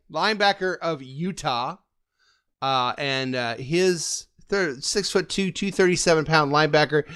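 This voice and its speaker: Brief: a joking, rambling man hosting a fan podcast, a bit higher pitched. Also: fairly bright tone, clear, resonant tone. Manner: jokey, rambling, with frequent laughs. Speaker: podcast host. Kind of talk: casual sports podcast chat.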